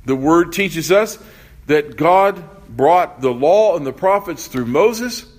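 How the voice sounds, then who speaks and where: A man's voice: a little high, expressive. A male pastor preaching a sermon, asking his congregation questions as he goes. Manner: unhurried, asks the congregation questions.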